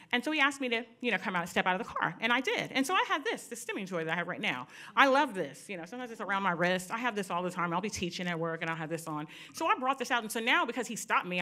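A middle-aged woman gives a personal talk to a live audience, candid and animated, often turning to the listeners with quick asides. Her voice is bright and forward. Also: medium pitch. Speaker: speaker at a panel event.

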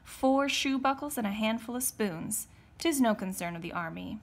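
A woman's voice: a little high, expressive, normal speed. A woman reading aloud, voicing a brutish, bullying grown man who growls and bellows. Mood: menacing.

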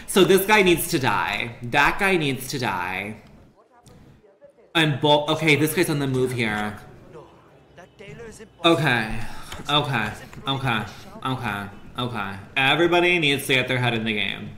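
Young male streamer, crude rambling humor, bright voice, echoey room. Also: medium pitch, lively intonation, measured pace, pauses often. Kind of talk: casual gaming stream commentary. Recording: roomy echo with faint ambient noise.

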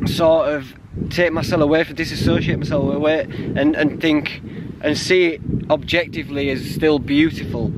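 Out on a mountain trail, a hiking vlogger with a fairly high-pitched voice talks to his handheld camera over heavy background noise. His casual narration of the hike is chatty and self-mocking, and he laughs often.

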